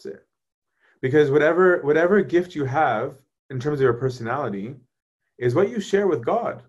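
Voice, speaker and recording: A man, a priest, talking casually about faith and answering viewers' questions in a conversational, animated way. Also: a little high, lo-fi sound. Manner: conversational, animated, often asks "right?".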